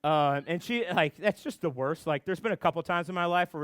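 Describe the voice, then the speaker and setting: A young male pastor speaks to a youth group, his voice pitched high for a man. He tells animated stories at a brisk clip with few pauses, full of fillers and restarts. The recording is clean and dry, with almost no room echo.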